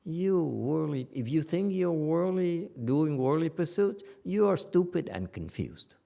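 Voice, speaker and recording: A man's voice: a little high, sing-song, unhurried, gravelly, mellow. A man giving a Buddhist dharma lecture in a meditation hall, blunt and teasing, with many fillers and restarts. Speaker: Buddhist master.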